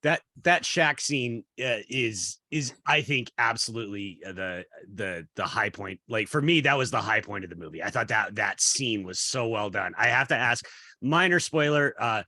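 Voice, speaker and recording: A man's voice: lowish voice, animated, normal speed, bright, forceful tone. A male podcast co-host who asks his questions with enthusiasm and breaks them up with hesitant fillers. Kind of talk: casual interview.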